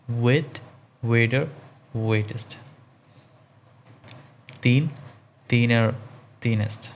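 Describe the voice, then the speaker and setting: A man teaching English grammar in a slow, deliberate lesson, reading out word lists one by one. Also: medium pitch. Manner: reads word lists in a measured, deliberate cadence.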